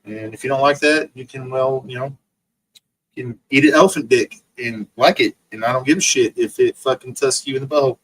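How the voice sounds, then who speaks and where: A man's voice: medium pitch, brisk, fairly bright tone, rough recording. A man ranting profanely on his livestream, mocking rivals over and over and answering chat comments. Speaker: livestream host.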